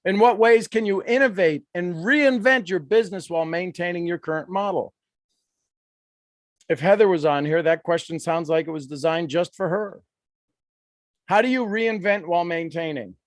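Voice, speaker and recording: A man coaching a live workshop, animated, acting out quoted voices and laughing often. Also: sits high, normal speed, dry recording, studio quality.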